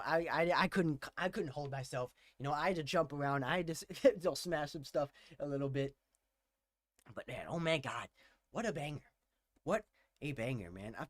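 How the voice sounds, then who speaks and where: A young man hosting a music reaction, talking casually and excitedly, gushing and repeating his exclamations. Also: on the high side, no echo, clean studio sound. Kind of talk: casual album reaction commentary.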